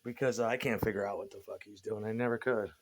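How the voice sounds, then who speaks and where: A man's voice: lowish voice, steady tone, quick pace. A man in his forties rambling casually in a monologue, laid-back and meandering, with frequent swearing. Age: 40s.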